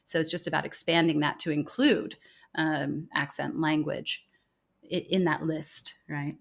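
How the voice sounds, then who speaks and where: A woman's voice: sits low, fairly even intonation, measured pace, gravelly. A woman, a communication consultant, earnestly explaining her views as a guest in an interview conversation. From United States. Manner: earnest, explanatory, acts out quoted speech.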